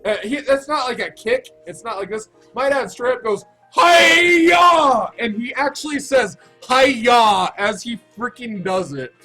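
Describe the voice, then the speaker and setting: A man in his thirties telling a story to his Twitch chat, rambling and excitable with lots of restarts. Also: very high-pitched, normal speed, hardly any pauses, soft background music, low-quality recording. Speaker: Twitch streamer. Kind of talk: casual storytelling to stream chat.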